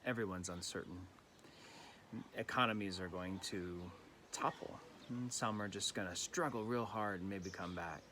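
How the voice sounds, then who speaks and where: A man giving a gentle, reflective evening prayer reflection as a pastor, recorded at home during lockdown. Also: deep voice, normal speed, slight background noise.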